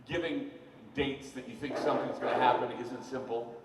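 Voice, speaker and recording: Animated man talking in a roomy bar. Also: mid-range voice, normal speed. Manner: animated, rambling storyteller with mocking asides. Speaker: radio talk show host. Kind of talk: live talk to a bar audience. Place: sports bar, live event. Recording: roomy, far-off live room sound with faint noise.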